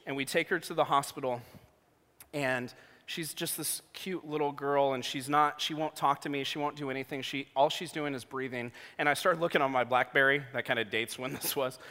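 A man in his thirties preaching a sermon, telling a personal story with jokey asides, going from hushed to loud. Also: medium pitch, steady tone, fairly quick. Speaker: pastor. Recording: long hall reverb.

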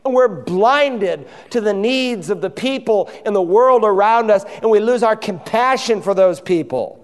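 Male pastor, high resonant voice, impassioned sermon delivery, big reverberant church. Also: lively intonation, measured pace. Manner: impassioned preaching, acting out quoted voices. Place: church sanctuary.

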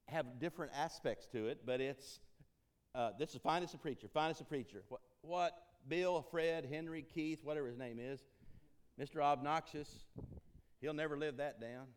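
In a church sanctuary, a Tennessee man serving as an interim ministry consultant speaks in a slightly high voice at normal speed. He's folksy and joking, repeating phrases for emphasis.

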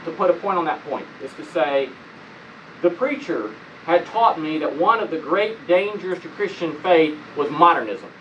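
A man's voice: fairly high pitch, fairly bright tone, dull audio, a little hiss or hum. A man speaking conversationally to an audience, telling personal stories and asking listeners rhetorical questions. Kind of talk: conversational lecture.

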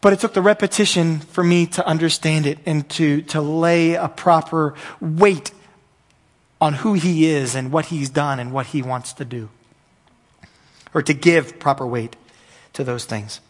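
Guy pastor giving a sermon, slightly high voice, earnest, repeats himself, gets intense at the peaks. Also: a little slow.

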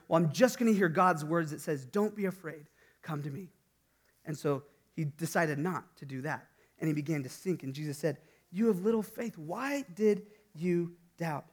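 A man preaching a sermon in a conversational, informal way, often pausing on fillers. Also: high-pitched.

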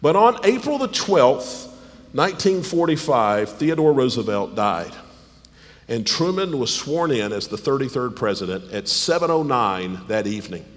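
A slightly hoarse man preaching a sermon, rising to high, emphatic stresses and dropping low and quiet. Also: sing-song, normal speed. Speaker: pastor. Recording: long hall reverb.

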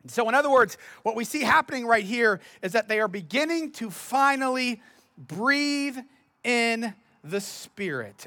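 A man's voice: high voice, bright, forceful tone, no room sound. A man preaching a sermon as pastor, telling stories in a conversational, self-deprecating way.

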